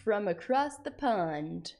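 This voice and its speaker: A woman's voice: medium pitch, expressive, slow, creaky, a little mellow. Rambling woman streamer chatting casually. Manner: rambling, lots of "like" and "frickin'". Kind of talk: casual live-stream chat.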